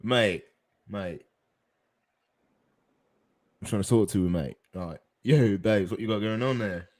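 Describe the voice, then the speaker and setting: A man's voice: fairly low pitch, slow, a little mellow. A young man putting on a London accent to play a swaggering street tough, full of slang and mock threats. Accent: put-on London. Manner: slangy, jokey bravado. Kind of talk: casual podcast banter.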